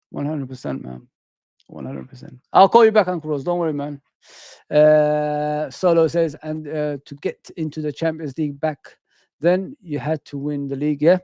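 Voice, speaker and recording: A middle-aged man chats to his live-stream audience in an animated way, answering the chat and saying the same phrases again and again. His voice sits a bit high. The sound is dry and close to the mic. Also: dry recording. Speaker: host.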